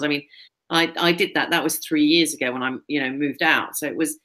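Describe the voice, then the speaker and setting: A woman's voice: sits low, a little fast, pushed and bright. A middle-aged woman telling a personal story in casual, rambling talk, full of fillers and restarts as she co-hosts a chat.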